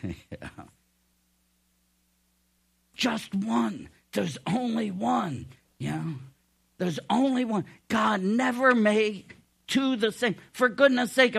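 A man preaching a sermon, animated and often laughing, rising to loud emphatic peaks. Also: high-pitched, creaky.

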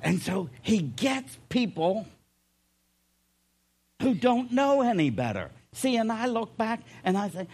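Slow, lively-voiced male preacher. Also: husky. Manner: folksy preaching, swings from loud emphasis to low asides. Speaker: pastor. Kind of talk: sermon.

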